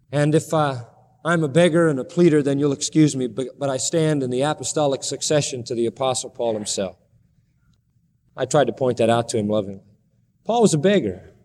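A male pastor preaches with a fairly high voice, pleading passionately with his congregation and swinging between loud rises and quiet drops. His words carry a long reverb, as if he were in a large church hall. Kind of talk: sermon.

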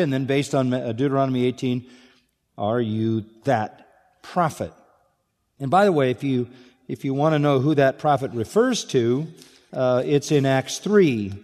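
A man preaching an expository sermon, moving between quiet intensity and raised, emphatic delivery. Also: medium pitch. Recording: long reverb of a large hall.

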